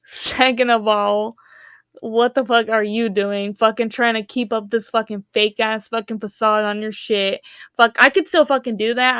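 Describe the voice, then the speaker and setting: Young female co-host, higher voice, profane ranter, dry close mic. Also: fairly bright tone, smooth, dry recording. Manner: profane, ranting, heated. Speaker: podcast co-host. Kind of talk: casual chat.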